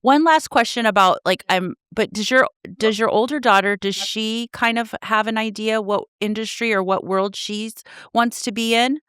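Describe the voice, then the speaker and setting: A woman's voice: on the high side, normal speed, few pauses, fairly bright tone, clean tone, dry recording, studio quality. A woman hosting a podcast interview, talking in a casual, rambling way with lots of fillers and restarts. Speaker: podcast host.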